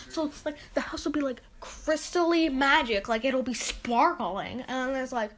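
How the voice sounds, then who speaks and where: High-pitched woman hosting a podcast alone, rambly and fed up, says like a lot. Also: normal speed, few pauses, a bit bright. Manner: rambling and exasperated, with many "like"s. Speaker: podcast host. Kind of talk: casual solo podcast rant.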